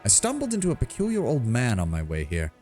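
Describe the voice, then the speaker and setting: A man's voice: mid-range voice, wildly swooping pitch, fast, a little mellow, soft background music. A man voicing a courteous noble baron who speaks in a formal, polite way.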